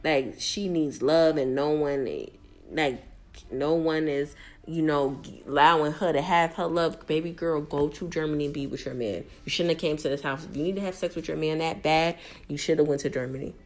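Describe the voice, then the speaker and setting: A woman's voice: low voice, steady tone, normal speed, darkish tone. A young adult woman recapping a reality show in a blunt, slangy, exasperated casual rant.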